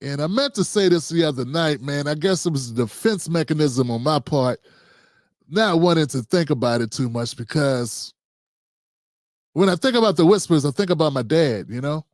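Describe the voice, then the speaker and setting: A man in his fifties hosts his own talk show, rambling from joke to aside in loose, slangy speech. His voice sits a touch high for a man. The sound is close and dry, with no room in it. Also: animated, normal speed, darkish tone, dry recording. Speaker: host. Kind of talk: casual political talk show monologue.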